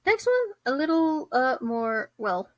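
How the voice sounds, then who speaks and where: A woman's voice: high voice, sing-song, slow pace, no echo, dull audio. A young woman hosting her own podcast in casual chat, bubbly and giggly, with many fillers and restarts. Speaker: podcast host.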